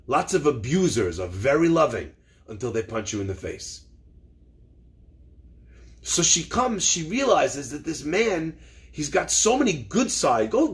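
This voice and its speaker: Earnest man telling a sermon story. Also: on the high side. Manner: earnest, emphatic. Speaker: Torah lecturer.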